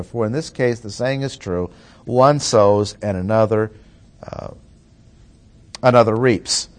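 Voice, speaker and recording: A man preaching an expository sermon, deliberate and emphatic, slowing down to stress key phrases. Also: mid-range voice.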